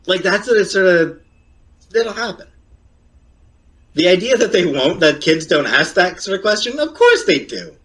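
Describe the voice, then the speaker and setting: A man's voice: sing-song, normal speed, pauses often, a bit bright. A man streaming and chatting casually, rambling and hesitant with filler words. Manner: rambling and hesitant, with sudden high leaps of pitch. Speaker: streamer in a reacted-to clip.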